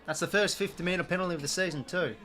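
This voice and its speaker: A man's voice: high voice, fast, bright, forceful tone. A young Australian man hosting a live sports watch-along, chatting casually and reacting to the play. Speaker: live stream host.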